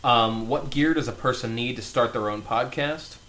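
A man co-hosting a casual podcast in a relaxed, unhurried way, reading listener questions aloud. He swears offhandedly and keeps things loose. His voice comes close on a podcast mic. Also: mid-range voice, a little hiss or hum. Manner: laid-back, swears casually.

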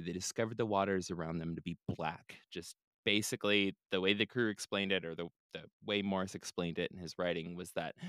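A man's voice: low-pitched, a bit bright, dry recording. A man hosting a podcast, retelling a story in a casual, laid-back way with joking asides. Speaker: podcast host.

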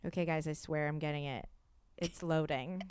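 A woman's voice: low voice, steady tone, normal speed, darkish tone, slight background noise. A woman from New Orleans, a guest on a podcast. She chats animatedly, laughs often and swears freely. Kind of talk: casual chat.

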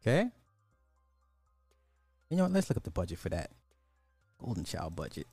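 A man's voice: sits low, huge pitch swings, moderate pace, gravelly, dark tone, slightly rough, no room sound, soft background music. A man hosting a podcast, giving casual, sarcastic commentary and thinking aloud as he looks up numbers. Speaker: podcast host.

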